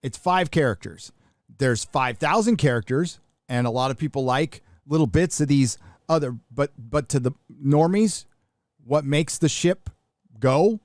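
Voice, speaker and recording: A man's voice: a little high, unhurried, a little mellow, dry recording, studio quality. A middle-aged man from the United States hosting a live show, talking bluntly and casually with profanity and frequent restarts. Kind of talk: casual livestream commentary.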